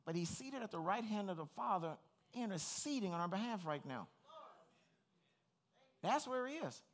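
A man's voice: high voice, very animated, normal speed. A middle-aged man preaching a sermon as pastor, earnest, personal and plain-spoken.

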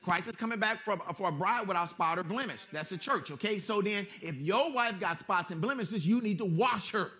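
A male pastor preaching a sermon, emphatic and folksy, repeating phrases and swinging between hushed and loud. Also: high-pitched, brisk, hardly any pauses. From Southern California. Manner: folksy street-style preaching.

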